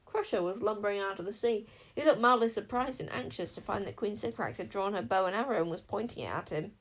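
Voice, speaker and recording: A woman narrating a fantasy audiobook in an expressive storytelling manner. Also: medium pitch, quick pace, poor audio. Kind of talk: scripted narration.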